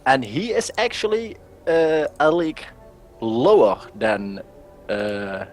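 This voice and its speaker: A man's voice: mid-range voice, lively intonation, slow, darkish tone, soft background music. A man co-casting a strategy game match in an easygoing, joking way. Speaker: co-caster. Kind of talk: casual esports commentary.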